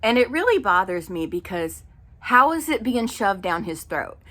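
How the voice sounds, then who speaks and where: A middle-aged woman telling a story in an exasperated, animated casual rant with many fillers. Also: medium pitch, normal speed. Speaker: vlogger. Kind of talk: casual ranting monologue.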